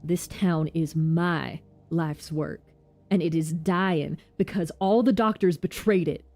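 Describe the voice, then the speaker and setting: Gruff sarcastic old governor w/ a southern drawl, woman putting him on, lowish voice, faint music behind. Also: fairly even intonation, slow, darkish tone. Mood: sardonic. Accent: Southern US (put on). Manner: gruff, sardonic. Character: stern older male town governor.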